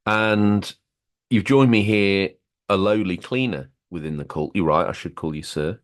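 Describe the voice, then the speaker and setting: A man's voice: low voice, a little slow. A man hosting a gaming podcast, playful and bantering. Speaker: podcast host. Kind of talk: casual gaming podcast chat.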